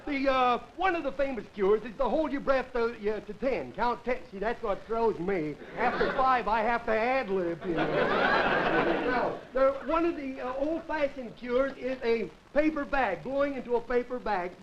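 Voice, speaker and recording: A man's voice: very high-pitched, expressive, normal speed. A man doing a rambling comedy monologue, stopping to laugh at his own jokes. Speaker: comedian host. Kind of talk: stand-up comedy monologue with character bits. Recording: dull early 1950s television audio, loud audience laughter and noise. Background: studio audience laughing.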